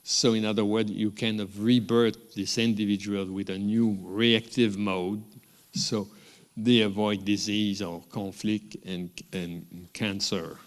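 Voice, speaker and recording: A man with a French accent addresses a graduation crowd, his fairly low voice ringing out in a large hall with long reverb. He talks in loose, wandering sentences, restarting words often and chuckling at his own asides. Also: flat delivery, slow. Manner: rambling, warm asides, frequent restarts and chuckles. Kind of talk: unscripted ceremony speech.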